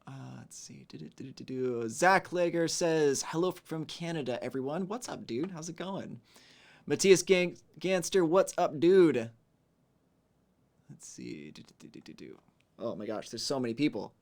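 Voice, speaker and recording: A man hosting a casual livestream, greeting viewers and reading chat messages aloud, relaxed and chatty, humming to himself between messages. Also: on the high side, normal speed, creaky.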